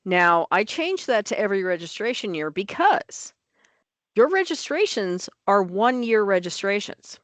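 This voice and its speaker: A woman's voice: mid-range voice, sing-song, measured pace, dry recording. A woman on licensing office staff, talking through rule changes at a board meeting in an emphatic, plain-spoken way.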